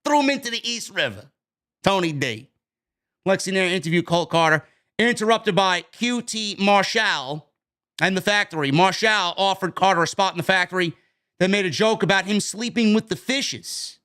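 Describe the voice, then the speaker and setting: A man's voice: sits high, animated, normal speed, sharp tone. A man with a New York accent giving a loose, chatty recap of a wrestling show, with fillers and casual swearing.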